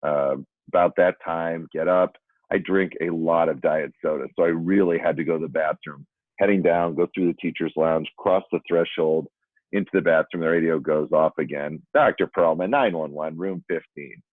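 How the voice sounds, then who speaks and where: A former school principal telling a candid, self-deprecating story to educators. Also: male voice, a bass voice, steady tone, moderate pace, no room sound. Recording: dry, phone-like narrow sound.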